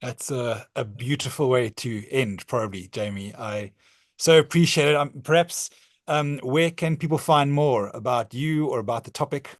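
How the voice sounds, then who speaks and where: A man hosting an interview over a video call, speaking softly and gratefully. His voice sits in a middle pitch range, and his audio sounds dry with no room echo. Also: normal speed. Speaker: host.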